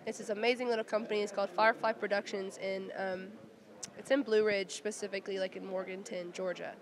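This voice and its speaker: A woman from Oklahoma chatting as a guest songwriter, telling stories quickly with lots of restarts, while getting over bronchitis. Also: mid-range voice, level tone. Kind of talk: casual interview chat.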